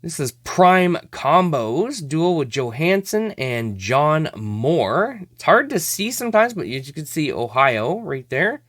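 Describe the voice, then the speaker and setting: A man's voice: on the high side, big pitch swings, slow pace, few pauses, a bit bright, no room sound, studio quality. A man hosting a hockey card opening show, chatting casually and exclaiming over each card, often laughing at himself.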